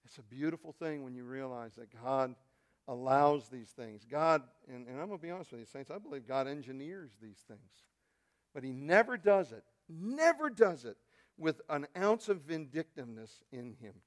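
A male pastor preaching a sermon, telling a story and swinging from quiet, intimate asides to loud, shouted peaks. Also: mid-range voice, normal speed.

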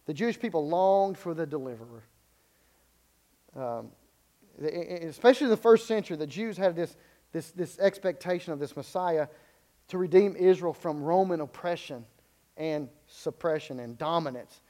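A man's voice: on the high side, lively intonation, moderate pace, mellow. A man preaching a sermon in an unscripted way, stumbling and repeating words, then building to emphatic peaks.

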